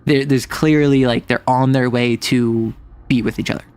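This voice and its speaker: A man streaming a casual chat, retelling a story in an animated, rambling way full of fillers. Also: mid-range voice, moderate pace, smooth, dry recording.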